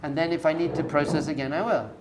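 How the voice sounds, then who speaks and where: Speaking fast in a slightly high, steady voice over background noise, a rabbi leads a class with an informal lecture to a live group. He addresses and coaches them directly, drawing on everyday analogies in a conversational way.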